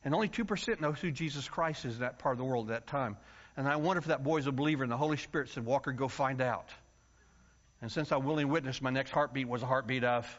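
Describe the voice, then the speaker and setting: A man from the United States preaching a story-filled sermon, acting out voices and yelling for comic effect. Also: mid-range voice, fast talker. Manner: animated, acts out voices and yells for comic effect. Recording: dull lo-fi sound.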